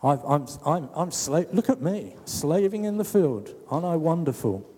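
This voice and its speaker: A preacher voicing a resentful elder brother who whines about being overlooked. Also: male voice, on the high side, very animated, normal speed, dark tone, breathy edge, in a large hall. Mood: whining. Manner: whiny, self-pitying complaining. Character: resentful elder brother, grown man, whining martyr.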